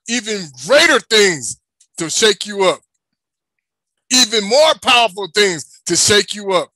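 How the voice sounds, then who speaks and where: High, bright-voiced male preacher. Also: dry recording. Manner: emphatic, asks rhetorical questions and answers them. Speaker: religious teacher. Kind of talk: preaching to an online audience.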